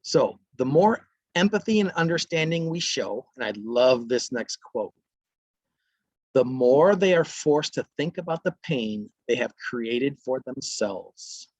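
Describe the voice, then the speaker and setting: Husky-voiced man presenting a parenting workshop. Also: medium pitch, expressive, unhurried, a little mellow. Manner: conversational, acts out parents and kids in brief quotes.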